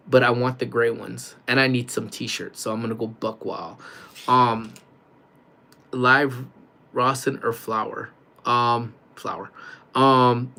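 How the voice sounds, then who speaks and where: A man hosting a casual morning livestream, talking loudly with lots of laughing and joking. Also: mid-range voice. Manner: loud, laughing, joking banter. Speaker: livestream host.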